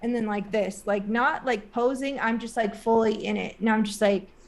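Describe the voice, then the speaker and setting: A woman's voice: a little high, steady tone, normal speed. A woman guest in an interview, telling a personal story in a casual, rambling way with many "like" and "um" fillers, earnest and emotional.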